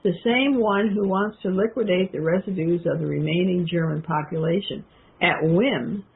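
A woman's voice: lowish voice, moderate pace, vocal fry, slight background noise. A woman reading passages from a book aloud, then stopping to comment loosely to her listeners with plenty of fillers. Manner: addresses listeners directly. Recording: tinny phone-like sound.

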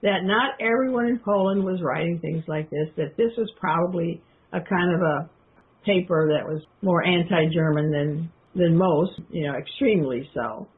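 A woman's voice: fairly low pitch, moderate pace, breathy edge. A woman reading passages from a book aloud, then stopping to comment loosely to her listeners with plenty of fillers. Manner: addresses listeners directly. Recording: tinny phone-like sound.

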